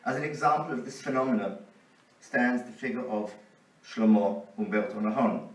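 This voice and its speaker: A man presenting at an academic conference, reading a prepared paper in a measured, deliberate way. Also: mid-range voice, recorded from a distance. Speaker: conference speaker. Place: conference lecture hall. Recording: roomy hall, voice off-mic.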